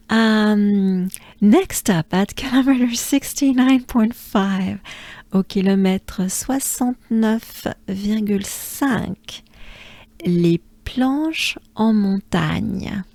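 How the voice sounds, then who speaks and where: A native French woman with a French accent, coaching listeners through pronunciation, drilling sounds slowly with exaggerated vowels and soft asides. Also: medium pitch, no room sound. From France. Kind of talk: pronunciation lesson. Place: outdoors.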